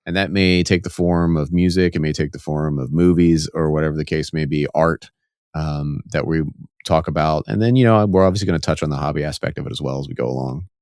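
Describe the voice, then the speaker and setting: A man's voice: rumbling low, fairly even intonation, brisk, a little mellow, clear, resonant tone, dry recording, clean studio sound. A man co-hosting a casual podcast, explaining game rules step by step with enthusiasm. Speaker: podcast co-host.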